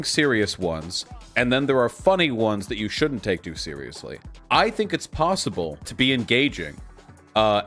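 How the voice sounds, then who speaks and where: Low-voiced, profane streamer man. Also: fairly bright tone. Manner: quick, profane, sarcastic. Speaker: livestream host. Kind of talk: casual stream chat while gaming.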